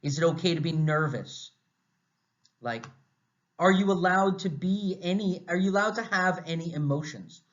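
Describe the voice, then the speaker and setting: An American man lecturing a class in a conversational, animated way, asking lots of rhetorical questions. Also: high voice, normal speed. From United States. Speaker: university lecturer. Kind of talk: recorded lecture. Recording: slightly dull, muffled audio.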